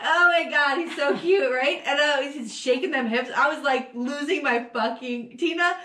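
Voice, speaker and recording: A woman in her forties co-hosting a podcast, telling stories in a casual, animated way, laughing often and swearing freely. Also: high-pitched, moderate pace, echoey room. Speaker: podcast co-host. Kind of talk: casual chat.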